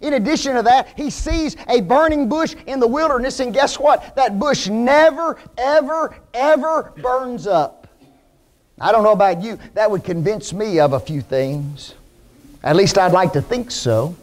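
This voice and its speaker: High-voiced man preaching a sermon. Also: animated, moderate pace. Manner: emphatic, rhetorical questions to the congregation.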